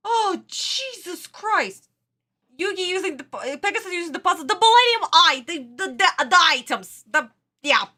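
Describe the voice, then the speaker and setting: A woman hosting a casual reaction video, excitable and dramatic, with frequent exclamations. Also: very high voice, a little fast.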